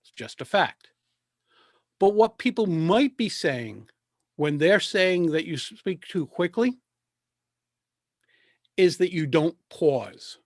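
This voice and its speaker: A man coaching people on public speaking. His voice sits a little high, and his delivery is measured, with deliberate pauses. The sound is dry and close, picked up over a video call. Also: expressive, dry recording. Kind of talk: presentation coaching talk.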